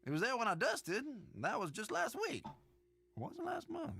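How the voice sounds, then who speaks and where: A man's voice: very high-pitched, wildly swooping pitch, moderate pace, vocal fry, sharp tone, slightly rough, no room sound, full character voice. An actor playing an evasive, folksy older male shopkeeper in a mystery game. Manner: drawling, chatty, dodging questions. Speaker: game character.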